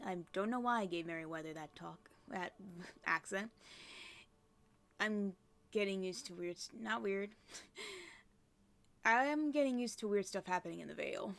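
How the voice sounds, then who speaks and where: A woman's voice: mid-range voice, unhurried, gravelly, pauses often, fairly bright tone. A woman giving casual gameplay commentary, chatty and often dropping into murmured, whispered asides. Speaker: let's play creator.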